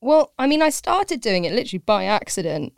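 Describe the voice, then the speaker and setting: A woman's voice: a little high, sing-song, a little fast, vocal fry, clean tone, dry recording, clean studio sound. A woman who teaches pottery, chatting casually as a podcast guest in a rambling, self-deprecating way with frequent laughs.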